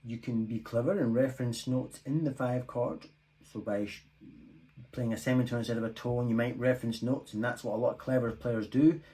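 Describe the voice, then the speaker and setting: Recorded roughly on a phone mic, a guitar teacher at home talks through a casual lesson, thinking aloud and poking fun at his own playing while playing between phrases. His mid-range voice is fairly even and fairly quick, over a loud electric guitar and drum loop.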